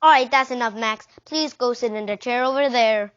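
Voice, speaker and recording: A woman's voice: on the high side, normal speed, close to an everyday voice. A woman doing a firm, patient schoolteacher. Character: patient female schoolteacher, firm but kind. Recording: dull lo-fi recording.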